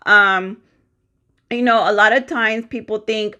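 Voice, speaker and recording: A woman's voice: medium pitch, unhurried, pushed and bright. A woman in her thirties telling her own story in a casual, chatty vlog, speaking straight to her viewers and acting out the conversations she recalls. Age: 30s. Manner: chatty, addresses viewers as guys, acts out dialogue. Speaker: vlogger sharing a personal story.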